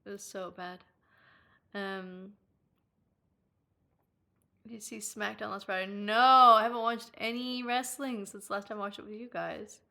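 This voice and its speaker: Her voice mid-range and creaky, a young Irish woman takes her time on a live stream, leaving long pauses as she chats with viewers and reads their comments. She giggles frequently, swears without restraint and lets out squeals when excited.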